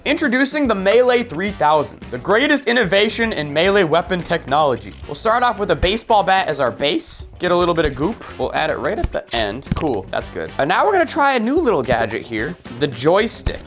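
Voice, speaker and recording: A man's voice: on the high side, sing-song, brisk, fairly bright tone. A young man presenting a comedic game tutorial in a playful, jokey way. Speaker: gaming YouTuber. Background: faint background music.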